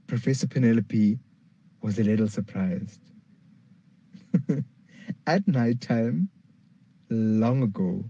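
A man reading a children's dinosaur story aloud, lively, jumping up high for the characters' lines. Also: breathy edge, muffled recording.

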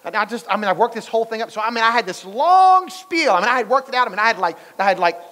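Speaking very fast in a high-pitched, animated, pushed and bright voice, a male pastor tells stories and quizzes his congregation during a conversational sermon. The church sanctuary gives the recording a long, large-hall reverb.

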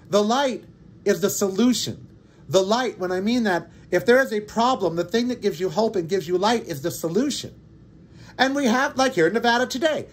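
A man hosting a podcast, delivering an indignant, sarcastic political monologue. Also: high-pitched. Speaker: podcast host.

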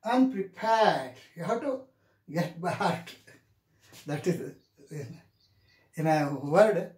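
A man teaching English pronunciation in a classroom lecture, saying each example word several times in a drawn-out, deliberate way. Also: high voice, darkish tone. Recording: echoey room.

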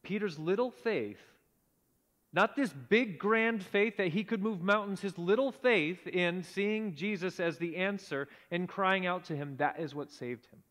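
Male preacher, high-pitched voice, earnest with hushed drops, in a church hall with a long echo. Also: measured pace. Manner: earnest, drops to a hushed low voice at key points. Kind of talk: sermon. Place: church sanctuary.

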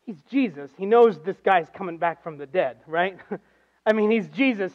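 A man with a high, light voice preaches a conversational sermon in a church. He tells stories like everyday talk, swings between hushed and loud, and the recording sounds a little dull and lo-fi. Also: lively intonation, measured pace. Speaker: guest preacher.

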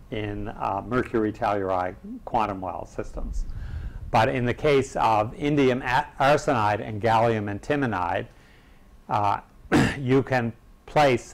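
A man giving an academic seminar lecture, halting, with many filler pauses and the odd throat-clearing. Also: medium pitch. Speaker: seminar speaker.

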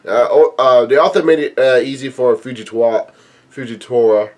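A man's voice: medium pitch, normal speed, darkish tone. A man casually reading a comic chapter aloud and breaking off for offhand comments. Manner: reads text aloud, breaking off for offhand asides. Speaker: manga chapter reader and commentator.

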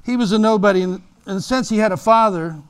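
A man's voice: high-pitched, fast, smooth. A man preaching a sermon in church as pastor, telling stories animatedly and acting out voices. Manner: animated storytelling, acts out voices.

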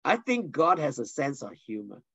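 This man, a pastor, delivers a sermon-style Bible lesson full of lively stories and questions for the audience. His voice is slightly rough, medium-pitched and moderately paced. There's no echo, but the high frequencies are cut off.

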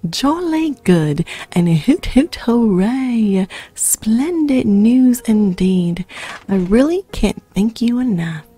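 A woman's voice: fairly high pitch, lively intonation, takes it slowly, dark tone, slightly rough, voice pushed up, heavily acted. A woman voicing a polite, fussy male owl museum curator in a video game, reading his lines in a formal, old-fashioned way. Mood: grateful. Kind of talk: reading game dialogue aloud in character.

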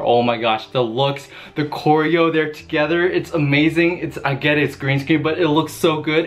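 A young-sounding man hosting a music video reaction, talking casually and gushing with excitement. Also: a little high. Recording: loud song playing behind. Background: loud music.

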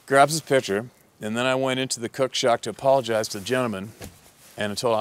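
A man's voice: medium pitch, fairly even intonation, quick pace, clear, resonant tone. A man who works as a hunting guide telling a story in a casual, profane, rambling way.

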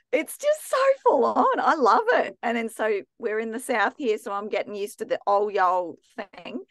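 A woman's voice: on the high side, gravelly, no room sound. A woman with an Australian accent, teaching an online theology class in a chatty, enthusiastic way with many restarts. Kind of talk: casual, chatty teaching talk.

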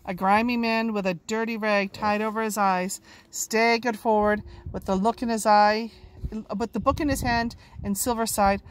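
A woman reading a children's book aloud with expressive, lively narration. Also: mid-range voice, moderate pace, a little hiss or hum. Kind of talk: storybook read-aloud.

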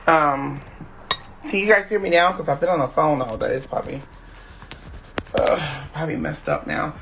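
A man's voice: on the high side, gravelly, a bit bright, slight background noise. Weary man rambling on a livestream. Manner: drawn-out, weary, halting with many fillers. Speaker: live streamer. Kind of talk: rambling casual livestream chat.

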